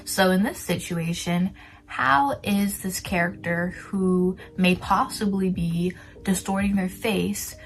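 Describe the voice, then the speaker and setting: A twenty-year-old woman chatting casually about how she writes, self-deprecating and talkative, now and then dropping into soft whispered asides. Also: fairly low pitch, slow pace, low-quality recording. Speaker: writer sharing writing tips. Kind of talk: casual chat to camera.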